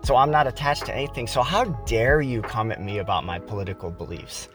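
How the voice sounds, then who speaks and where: A man's voice: fairly low pitch, fairly quick, few pauses, music in the background. An American man hosting a podcast, delivering a heated, profane political rant with emphatic stresses. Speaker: podcast host.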